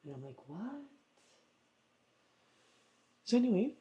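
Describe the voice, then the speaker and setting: A woman's voice: a bass voice, moderate pace, creaky, dark tone, muffled recording. A woman vlogger chatting casually at home, rambling through a story with lots of fillers. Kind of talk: casual vlog chat.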